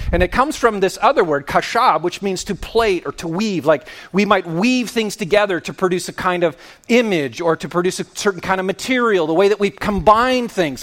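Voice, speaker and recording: A man preaching a sermon in an animated, playful way, acting out little scenes and quotes. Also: high-pitched.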